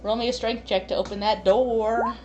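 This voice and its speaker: A woman's voice: fairly high pitch, steady tone, normal speed, over music. A young woman narrating a tabletop game as game master, laughing often and hesitating while she sorts things out.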